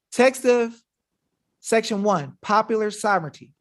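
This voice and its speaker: A man's voice: high-pitched, expressive, takes it slowly, fairly bright tone. A man hosting a webinar in an emphatic, combative, slangy manner, talking casually to his viewers. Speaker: webinar host. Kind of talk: fiery casual livestream talk.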